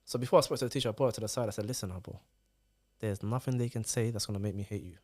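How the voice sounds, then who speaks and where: A man, a father chatting as a podcast guest and telling parenting stories in an animated way. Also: on the low side. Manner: fast, animated storytelling. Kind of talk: casual podcast chat.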